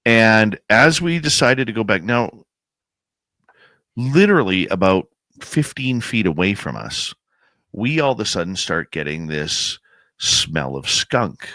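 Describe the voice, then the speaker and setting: A man telling a suspenseful outdoor experience as a guest on a podcast, animated and pausing to build suspense. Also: lowish voice, no echo. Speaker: guest, paranormal researcher and radio host. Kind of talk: casual storytelling in a podcast interview.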